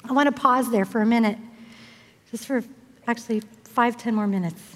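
A woman's voice: a little high, normal speed, a bit bright. An older woman preaching a sermon to a group of girls, telling the story expressively and acting out the voices of its people. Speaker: speaker at a women's event. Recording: long hall reverb.

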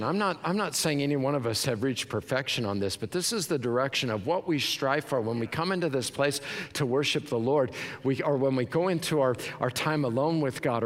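A male pastor preaching a sermon in a large church, emphatic and repeating words for stress. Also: on the high side. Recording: reverberant hall.

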